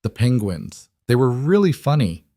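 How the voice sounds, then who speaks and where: A man's voice: medium pitch, big pitch swings, moderate pace, warm tone, dry recording, studio quality, voice pushed up, lightly acted. A man voicing a young girl who speaks in a small, careful, tearful way. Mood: small pleading. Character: young girl, fragile and anxious.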